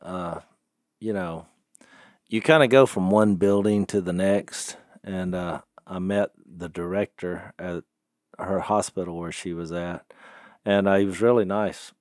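Middle-aged male co-host, low-pitched, teasing and rambling. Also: steady tone, a little slow, a little mellow, no room sound, studio quality. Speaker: podcast co-host. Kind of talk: casual chat.

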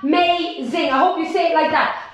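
A high, upbeat Irish woman leads a live home workout, cheering and counting down. Her voice rings around a very echoey room. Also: moderate pace. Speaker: fitness instructor. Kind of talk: live-streamed workout class.

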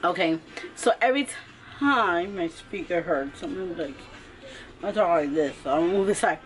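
A woman's voice: fairly low pitch, lively intonation, normal speed. A woman vlogging casually at home with a swollen, painful ear and sore throat. She talks with her mouth barely open, a bit muffled. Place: home kitchen.

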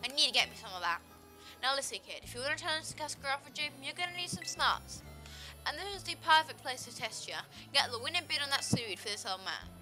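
A woman's voice: high-pitched, very animated, fast, hardly any pauses, sharp tone, soft background music, exaggerated voice. A woman voicing a boastful old man who leads a gym, reading the game's dialogue in an odd put-on accent and a hearty drawl that calls the listener kid. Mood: rapturous. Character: folksy old man gym leader, boastful seafood lover. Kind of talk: gameplay voice-over of game dialogue.

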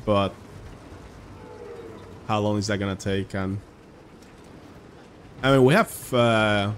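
A man's voice: on the low side, slow pace. A man from Spain streaming a game live and chatting with viewers in a casual, joking way. He swears freely. Faint noise runs behind his voice.

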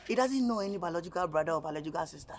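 A man's voice: on the high side, expressive, very fast. A cocky village flirt with a Nigerian accent, giggling and teasing through every pushy line, as a man acts him out. Some faint noise sits under the voice in a Nollywood film scene. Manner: laughing, teasing, pushy pidgin-tinged flirting.

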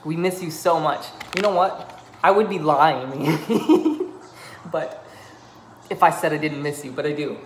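A man's voice: a little high, slow pace, echoey room, slight background noise. A man sending a joking, melodramatic video message to a friend, pleading for him to come home. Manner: melodramatic, joking, trails into laughter. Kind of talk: mock-dramatic video message.

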